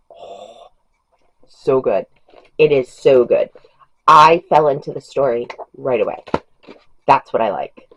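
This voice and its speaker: A woman vlogger chatting about books in a rambling, gushing way. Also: extremely low pitch. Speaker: book vlogger. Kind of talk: casual chat about books. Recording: dull lo-fi home recording.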